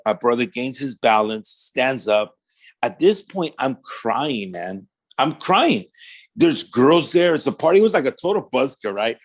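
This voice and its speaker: A husky, mid-range male voice at a moderate pace belongs to a pastor recounting his life for a podcast interview. His speech is slangy and casual with frequent "man," and he performs quoted dialogue in other people's voices.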